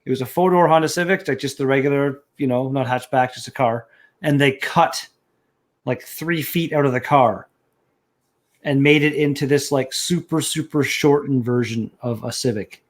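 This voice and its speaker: A man telling a story in casual chat, enthusiastic, with halting restarts. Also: medium pitch.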